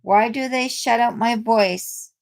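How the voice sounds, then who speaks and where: A woman's voice: a little high, slow pace. A woman reading the lines of an earnest young superheroine princess in a comic read-aloud, pleading and troubled.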